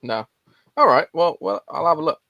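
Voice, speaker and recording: A man's voice: on the high side, animated, moderate pace, sharp tone, dry recording, muffled recording. A man hosting a casual livestream chat about movies, rambling and laughing often. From England. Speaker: host.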